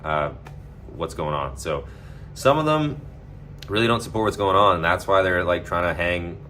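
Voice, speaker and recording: A man's voice: low voice, animated, normal speed, pushed and bright, slight background noise. A man chatting casually to his livestream viewers, rambling and swearing freely, with lots of filler words. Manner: rambling, loose and profane, full of filler words.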